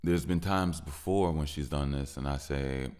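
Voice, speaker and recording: A man with a deep voice, hosting a podcast and venting frustrated in a personal monologue, repeating himself and growing heated at times. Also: normal speed, a little mellow, clear, resonant tone. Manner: frustrated, repetitive, rising into heated stretches. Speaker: podcast host.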